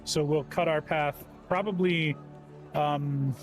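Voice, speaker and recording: A man taking part as a player in a tabletop game, thinking aloud with plenty of pauses and fillers. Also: a little high, fairly even intonation, faint music behind. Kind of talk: tabletop role-play.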